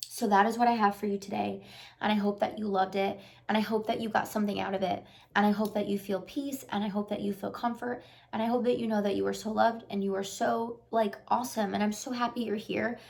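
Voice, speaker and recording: A woman vlogger who works as a lifestyle and life coach speaks earnestly yet casually to the camera, repeating encouragement and leaning on "like" as filler. She has a medium pitch, flat delivery, and vocal fry, a little mellow in tone, talking fairly quickly.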